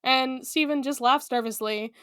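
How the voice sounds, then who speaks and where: A woman's voice: high voice, moderate pace, fairly bright tone, clean tone, no room sound, clean studio sound. A woman co-hosting a podcast episode recap in casual, giggly chat full of fillers. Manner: chatty, giggly, lots of fillers. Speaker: podcast co-host.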